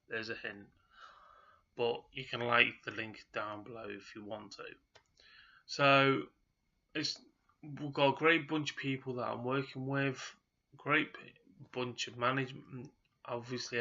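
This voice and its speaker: Man, rough throat, rambling casual vlog talk, bright gravelly tone, lo-fi sound. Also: medium pitch. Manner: rambling, with frequent restarts. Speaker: vlogger.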